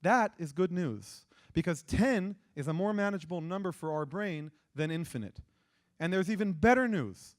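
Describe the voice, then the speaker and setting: A man's voice: high voice, expressive, normal speed. A man with an Israeli accent giving an interactive lecture and quizzing the audience with questions. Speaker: persuasion lecturer.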